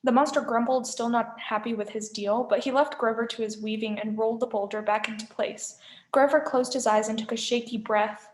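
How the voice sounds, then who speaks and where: A woman, a teacher, reading a novel aloud with expressive storytelling. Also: a little high, brisk, a little hiss or hum. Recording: echoey room.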